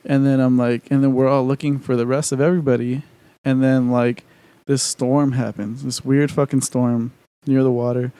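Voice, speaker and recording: A man's voice: mid-range voice, flat delivery, moderate pace, mellow, smooth. A man co-hosting a podcast in casual chat, rambling with lots of profanity, fillers and restarts. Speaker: podcast co-host.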